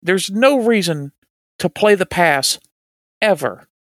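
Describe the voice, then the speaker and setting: A man's voice: sits high, animated, slow, dry recording, clean studio sound. A man co-hosting a casual sports talk show, laid-back and agreeable. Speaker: podcast co-host.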